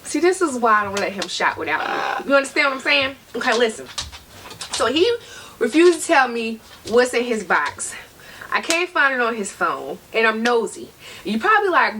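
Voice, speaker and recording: A woman's voice: a little high, big pitch swings, normal speed, bright, forceful tone. A woman vlogging at home, chatting and teasing casually as she unboxes a delivery. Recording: distant mic, noisy room.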